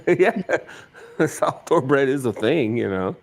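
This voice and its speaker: A man with a lively voice that moves up and down a lot jokes his way through a casual live-stream chat. He swears freely and needles the others with quick teasing questions. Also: medium pitch.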